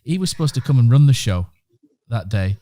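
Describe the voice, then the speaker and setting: Fast-talking man with a dark voice. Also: mid-range voice, expressive. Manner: lists facts to set up a question. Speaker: podcast host. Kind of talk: interview questions.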